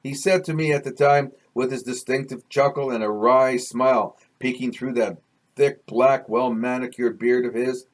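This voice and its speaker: A man's voice: mid-range voice, steady tone, normal speed. A man from Canada reading his own novel aloud, chatting casually between passages and restarting sentences as he goes. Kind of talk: chatty book reading with asides.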